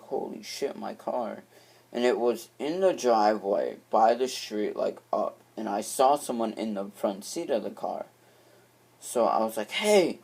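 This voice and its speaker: Low-voiced young man rambling through a story. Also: darkish tone. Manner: rambling, with frequent restarts and swearing. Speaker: vlogger. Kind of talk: casual storytelling.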